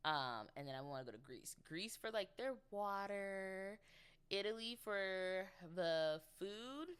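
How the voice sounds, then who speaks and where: A woman's voice: medium pitch, animated, slow pace, clean tone. A woman in her twenties hosting her own podcast, chatting casually and rambling with playful, giggly asides. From United States. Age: 20s. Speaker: podcast host. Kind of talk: casual solo chat.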